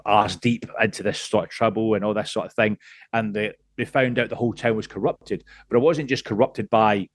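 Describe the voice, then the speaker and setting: A man's voice: on the low side, no room sound, studio quality. A man in his late thirties, from Scotland, talking as a podcast guest in a casual chat. He rambles, restarts a lot and swears freely. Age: late 30s.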